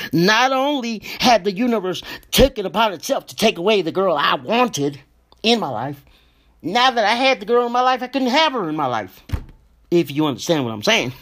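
A young man hosting a show, telling a personal story in a slow, emotional, profane way and often calling out to his listeners. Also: a little high, a bit bright. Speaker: podcast host.

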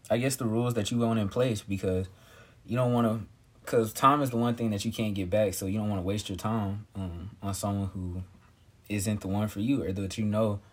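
A young man with a somewhat low voice speaks as a podcast guest. His delivery is low-key and hesitant, and he often clears his throat before going on. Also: fairly even intonation, moderate pace. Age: young adult. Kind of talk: casual podcast conversation.

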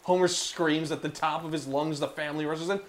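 A man casually recapping a cartoon episode on a podcast, profane and animated, slipping into voices. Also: on the high side, a little fast. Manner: profane, animated retelling with put-on quotes. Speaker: podcast co-host.

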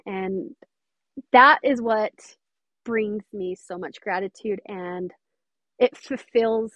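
A woman's voice: medium pitch, takes it slowly, long pauses, pushed and bright, no room sound, dull audio. A woman mentor talking earnestly and emphatically in an interview. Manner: earnest, emphatic, quotes others often. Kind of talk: interview conversation.

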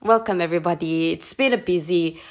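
A woman's voice: on the low side, fairly quick. A woman co-hosting a podcast, chatting casually and hesitantly, with many fillers. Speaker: podcast co-host. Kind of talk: casual chat.

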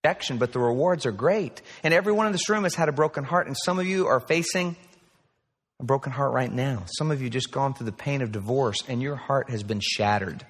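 A man's voice: mid-range voice, brisk, breathy edge. A man in his forties delivers an earnest sermon full of personal stories. His voice rings with long reverb from a large hall, sounding like a replayed recording. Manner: earnest, storytelling. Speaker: pastor.

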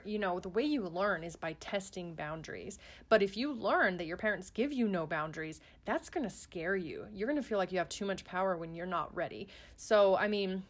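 A chatty woman talking in an earnest, relaxed way, with plenty of "um"s and false starts. Her pitch sits in the middle for a woman. She sounds like a parent sharing tips in a casual conversation. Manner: chatty, earnest, many fillers and restarts. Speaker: parent guest on a podcast. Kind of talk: casual chat.

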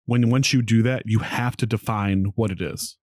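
A man's voice: on the low side, steady tone, normal speed, darkish tone, dry recording, studio quality. A man co-hosting a podcast in casual chat, easygoing, asking questions and teasing his co-host. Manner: easygoing, asks questions, laughs and teases.

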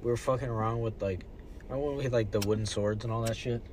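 A man's voice: mid-range voice, steady tone, very fast, a little mellow, a little hiss or hum. A young man chatting casually on a podcast, laid-back and crude with a lot of swearing. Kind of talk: casual chat.

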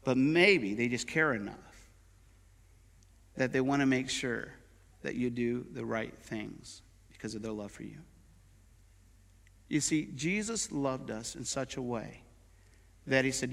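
A man's voice: mid-range voice, unhurried, gravelly, pauses often, a bit bright. A middle-aged man, a pastor, preaching in a conversational way with everyday examples during a sermon in a church. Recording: long hall reverb.

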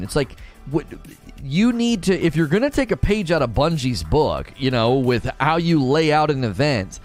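A male streamer chatting live about a game. His delivery is lively and swings in pitch, and he restarts and repeats himself as he thinks out loud. Quiet music plays in the background. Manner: animated, rambling, repeats words. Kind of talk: casual live-stream chat. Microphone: desk mic through mixer and preamp.

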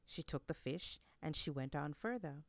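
A woman telling folk tales aloud with an expressive, read-aloud delivery. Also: low-pitched, moderate pace, dry recording. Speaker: storyteller. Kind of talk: storytelling narration.

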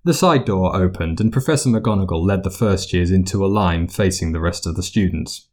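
A man narrating fiction aloud as an audiobook in an expressive storytelling manner. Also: low voice, a little fast.

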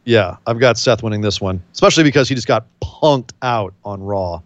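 A man co-hosting a casual wrestling predictions chat, rambling and animated, full of jokes and quick asides. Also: fairly low pitch, dry recording, lo-fi sound. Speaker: podcast co-host.

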